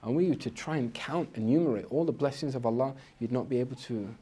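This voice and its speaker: A man gives an informal spiritual lecture as an Islamic teacher, speaking quickly in a dark, breathy voice. His delivery is conversational, he often repeats a word at the start of a phrase, and he acts out inner voices with sudden jumps in pitch.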